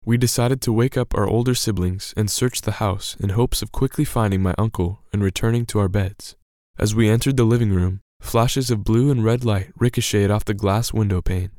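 A man narrating a scripted devotional story in a measured, earnest way. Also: on the low side, a little mellow, dry recording, clean studio sound. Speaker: podcast narrator.

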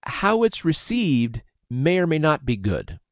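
A man's voice: a little high, sing-song, a little slow, no room sound, clean studio sound. A man discussing scripture, explaining word meanings and using everyday examples. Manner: explanatory, uses homely examples.

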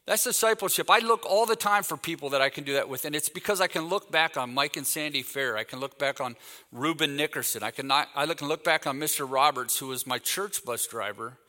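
A man's voice: fairly high pitch, fairly quick, long reverb tail. A man in his fifties, raised in Texas, giving a sermon as a guest speaker, telling stories and acting out the dialogue in them. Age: 50s. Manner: animated anecdotal storytelling, acts out quoted dialogue. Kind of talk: sermon with storytelling.

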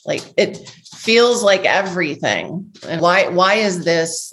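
Woman host and coach, lowish voice, keeps affirming, thinks out loud. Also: animated, slow. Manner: affirming, thoughtful, restarts often. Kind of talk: casual podcast conversation.

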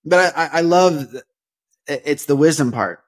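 A young man hosting a casual devotional podcast, talking in a rambling, earnest way with lots of fillers, restarts and sudden animated emphasis. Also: on the high side, normal speed. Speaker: podcast host.

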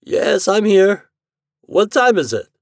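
A man's voice: sits high, big pitch swings, takes it slowly, no room sound, studio quality, voice pushed up, exaggerated voice. A man doing a drowsy, weary older man. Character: weary older American man, just woken from a dream.

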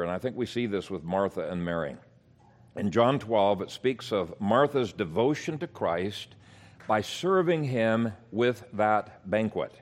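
A man preaching a sermon as pastor, explaining scripture in a teaching manner with emphasis. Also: fairly low pitch.

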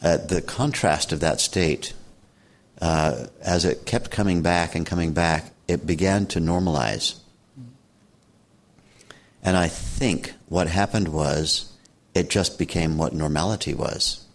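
Older man, very low voice, calm and unhurried storyteller, gently amused; suits a reflective interview. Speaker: meditation teacher.

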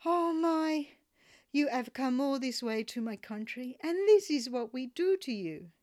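A woman's voice: lowish voice, big pitch swings, measured pace, a little mellow, pitched below the performer's own voice. A woman voicing a suave, charming foreign man who speaks in a gallant, soothing way.

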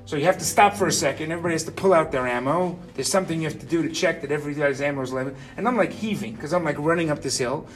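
High-voiced fifty-year-old man telling a story. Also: very fast, hardly any pauses, recorded from a distance. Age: 50s. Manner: chatty, keeps asking "right?". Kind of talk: personal anecdote told to listeners.

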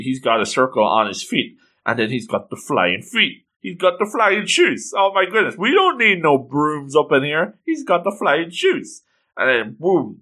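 A man giving casual, excitable commentary as he reads through a comic, with playful exclamations. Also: medium pitch. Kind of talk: casual read-along commentary.

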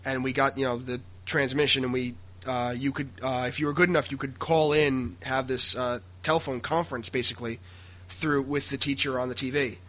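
A man's voice: mid-range voice, fairly even intonation, brisk, fairly bright tone. A young man co-hosting a casual podcast, rambling with many hesitations and frequent laughs. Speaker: podcast co-host. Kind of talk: casual banter.

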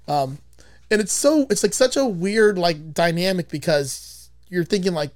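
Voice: medium pitch, lively intonation, moderate pace, a little mellow, no echo, clean studio sound. A podcast host casually retelling a movie's plot, rambling with frequent swearing.

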